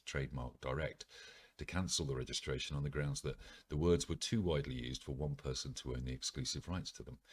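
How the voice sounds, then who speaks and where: A man's voice: a bass voice, husky. A man from the United Kingdom reading articles aloud as a podcast host, with frequent ums and wry ironic asides.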